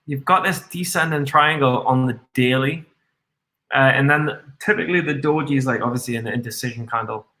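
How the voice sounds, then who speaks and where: This man's mid-range voice is bright and forceful, and he talks a little fast. He's streaming live trading commentary from an echoey room, reading chat out loud and cursing nonstop while slightly buzzed on red wine.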